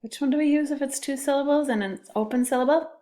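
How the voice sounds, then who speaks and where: A woman's voice: high-pitched, quick pace, mellow. A woman teacher giving a recorded spelling lesson to children, patiently sounding out letters and syllables.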